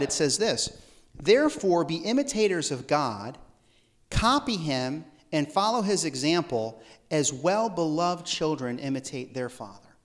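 A man's voice: a little high, fairly bright tone. A man preaching a casual, conversational sermon in a church service, with joking asides and restarts. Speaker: pastor.

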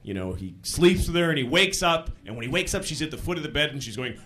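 Animated man doing stand-up. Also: a little high, quick pace, hardly any pauses, a little hiss or hum. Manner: conversational, incredulous, bursts into loud shouting. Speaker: stand-up comedian. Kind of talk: stand-up comedy set. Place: live comedy stage.

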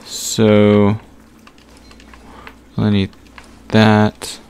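A man giving casual gameplay commentary, thinking aloud as he sorts through items with frequent pauses and fillers. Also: lowish voice, monotone, darkish tone, smooth. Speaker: gaming channel host.

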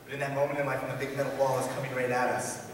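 A man preaching a sermon in a church, telling stories and dropping to a hush for suspense. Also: medium pitch, level tone, racing, slight background noise. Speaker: pastor. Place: church sanctuary. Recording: echoey church hall, mic at a distance.

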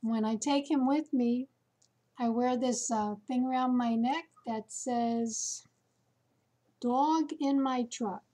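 Woman vlogger, unhurried chatty storytelling, somewhat high, soft mellow tone. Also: steady tone. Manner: slow, chatty storytelling with fillers. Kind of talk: casual chat to camera.

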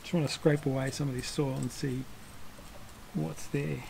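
Gravelly man explaining as he works. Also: mid-range voice, level tone, normal speed, background noise. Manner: rambling, self-correcting, chuckles while working. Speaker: bonsai channel host. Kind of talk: casual hands-on demonstration.

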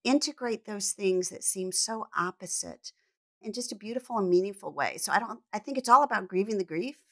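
A woman's voice: medium pitch, lively intonation, a little fast. A woman business coach, a podcast guest, who talks earnestly and reflectively about faith and quotes scripture. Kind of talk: faith-centered podcast conversation.

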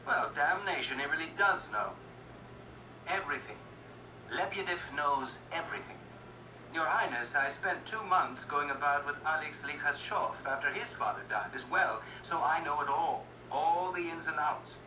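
A man's voice: fairly high pitch, moderate pace, background noise, voice pushed up, lightly acted. A man voicing an obsequious, gossipy official who talks in an eager, ingratiating, sometimes stammering way. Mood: boastful. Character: fawning obsequious male official, gossipy know-it-all. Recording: roomy echo, distant mic, music behind.

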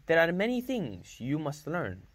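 A man's voice: on the high side, wildly swooping pitch, dry recording, voice pushed up, heavily acted. A man reading as a soothing wise woman healer. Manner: soft, soothing, measured speech. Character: calm wise woman healer, gentle and patient.

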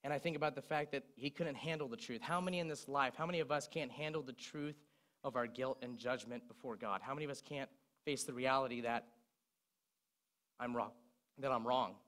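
A man's voice: mid-range voice, a little fast. A young man preaching a sermon, retelling song lyrics as he speaks. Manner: recites song lyrics in a speaking voice, lively storytelling.

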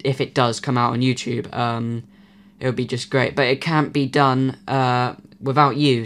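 A man's voice: mid-range voice, a bit bright, smooth. A man hosting his own channel, talking casually and rambling with many fillers while he loses his voice. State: losing his voice. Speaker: YouTube channel host. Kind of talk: casual vlog announcement.

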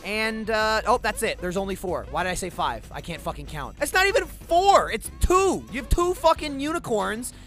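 Male gameplay commentator, high and lively, swears nonstop, sarcastic, yells at the game. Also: moderate pace, few pauses, faint music behind. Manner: sarcastic, excitable, swears constantly, erupts into shouts. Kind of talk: profane comedic gameplay commentary.

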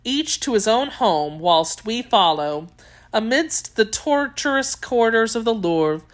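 A woman reading a classic novel aloud as an audiobook narrator, in a steady, clear reading manner. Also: a little high, takes it slowly. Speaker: audiobook reader.

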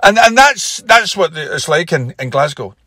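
A comedian spinning long, meandering yarns, as a man puts him on, delivering the punchlines flat and deadpan. The voice sits fairly high, is bright and forward, and the recording is close and dry. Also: normal speed, slightly rough, no echo, exaggerated voice. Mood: storytelling. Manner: rambling anecdotes, deadpan punchlines. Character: comedian from Glasgow impression, man, easygoing storyteller. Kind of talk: comic impression interview.

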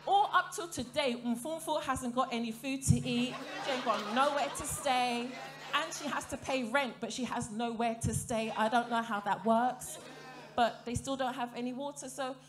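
A woman performing stand-up comedy on a theatre stage, chatty and playful, often asking the crowd questions. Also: fairly high pitch. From African heritage, grew up in Britain. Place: theatre stage before a live audience.

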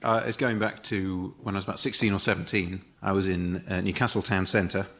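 Male panel guest, mid-range voice, dry deadpan storyteller. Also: deep voice, brisk. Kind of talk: telling an anecdote on a comedy panel. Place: TV studio.

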